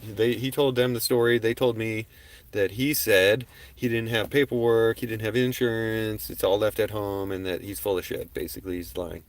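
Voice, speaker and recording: A man's voice: fairly low pitch, normal speed. A man hosting a livestream, telling a personal story in a casual, profane way and acting out the exchanges in it. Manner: profane, animated, acts out quoted exchanges loudly. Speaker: livestream host.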